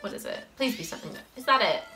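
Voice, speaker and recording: Woman, gameplay commentator, chatty and giggly, slightly high voice. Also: animated, racing, bright, forceful tone, soft background music, rough recording. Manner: chatty, reads game text aloud, laughs often. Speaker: gameplay video creator.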